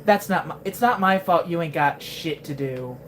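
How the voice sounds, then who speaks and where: A woman's voice: deep voice, animated, moderate pace, slight background noise. A woman voicing a snarky young male fox sidekick who mocks and scolds in slangy trash talk. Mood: taunting.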